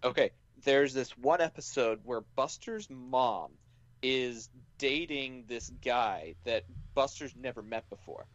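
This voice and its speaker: A man's voice: medium pitch, slow pace, dry recording, dull audio. A man co-hosting a podcast, telling rambling, jokey stories in casual chat. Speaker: podcast co-host.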